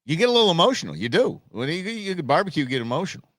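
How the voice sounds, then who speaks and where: A man hosting a live stream show, ranting and joking in a casual, animated way. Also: on the high side, racing. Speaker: host. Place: Phoenix.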